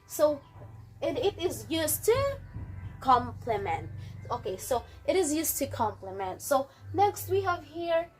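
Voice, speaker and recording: High-voiced teacher explaining grammar. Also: female voice, big pitch swings, slow pace, faint music behind. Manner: repetitive, restarts phrases, addresses the class. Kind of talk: classroom grammar lesson.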